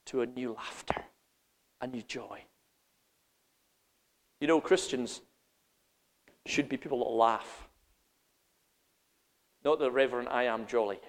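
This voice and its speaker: A man preaching a sermon, animated, swinging between loud emphasis and quiet intensity, laughing as he goes. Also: medium pitch, takes it slowly, long pauses, long reverb tail.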